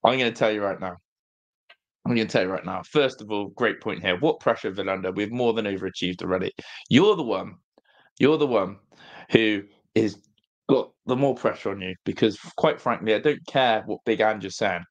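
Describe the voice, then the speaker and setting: A man's voice: on the low side, moderate pace, dull audio. A young man co-hosting a casual football debate, mocking and needling with repeated jabs. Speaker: football podcast co-host, fan.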